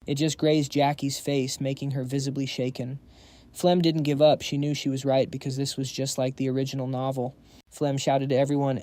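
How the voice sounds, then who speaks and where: A man's voice: medium pitch, flat delivery, moderate pace, warm tone, no echo. A man narrating a manhwa recap in a dramatic, slangy storytelling manner.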